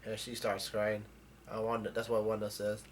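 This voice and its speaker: A man casually summarizing the plot of a comic chapter, with halting speech full of ums, uhs and restarts. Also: on the low side, completely flat delivery, a little hiss or hum. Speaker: manga chapter recapper.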